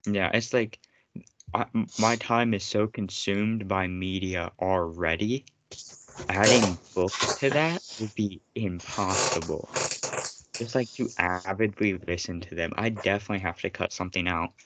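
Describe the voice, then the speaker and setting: Male podcast co-host, very low voice, loose rambling casual chat. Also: a little slow, heavy background noise. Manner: rambling, self-interrupting.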